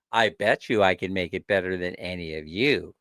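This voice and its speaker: A man hosting a casual livestream chat, ranting with animated energy and laughing often. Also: deep voice, dry recording, studio quality. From not from the Philippines. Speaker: livestream host.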